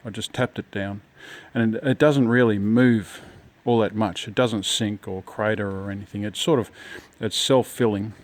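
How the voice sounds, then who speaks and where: A man's voice: lowish voice, steady tone, moderate pace. A man talking casually through a home repair job, rambling with lots of ums and restarts. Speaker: home DIYer. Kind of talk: casual DIY walkthrough.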